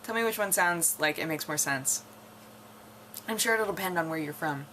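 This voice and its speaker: A woman's voice: fairly low pitch, normal speed, sharp tone, slight background noise. A young woman from North America chatting casually to camera, rambling and musing, often laughing and trailing off. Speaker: vlogger.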